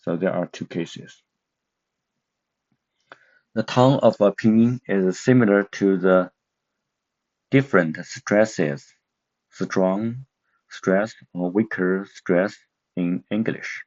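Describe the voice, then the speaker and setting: A man gives a slow, careful language lesson, often pausing on filler sounds. His voice is low and mellow. The recording is dull and lo-fi. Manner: hesitant, many filler sounds. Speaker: Chinese language teacher.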